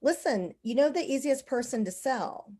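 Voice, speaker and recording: A woman's voice: sits high, lively intonation, normal speed, warm tone, husky. A woman hosting a casual online conversation, telling stories in a rambling way with lots of "like" and "you know".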